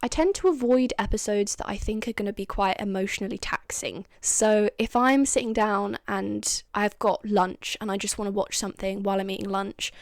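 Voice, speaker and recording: A woman's voice: medium pitch, fairly even intonation, normal speed, few pauses, no echo. Chatty woman with a dry, close sound. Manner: chatty, laughs often, acts out quoted lines. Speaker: vlogger reviewing TV lines. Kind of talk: casual chat.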